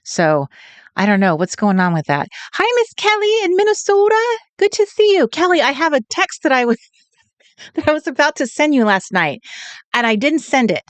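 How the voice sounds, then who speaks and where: A woman's voice: sits high, very animated, moderate pace, no echo. A woman from California hosting a late-night craft livestream, chatting and greeting viewers in a giggly, sing-song way. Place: home, at night.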